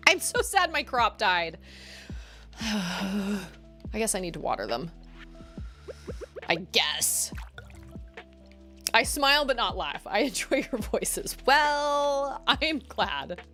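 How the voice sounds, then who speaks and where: A woman's voice: mid-range voice, sing-song, slow, long pauses, bright, forceful tone, soft background music. A woman in her thirties streaming a game, chatting casually, giggly and rambling. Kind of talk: casual chat while gaming.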